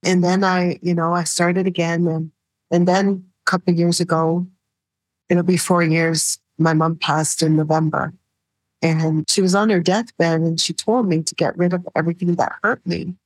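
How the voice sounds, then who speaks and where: Middle-aged woman, low steady voice, soft-spoken and halting, dry close sound. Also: no echo, rough recording. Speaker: guest, survivor sharing her story. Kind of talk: personal storytelling in an interview.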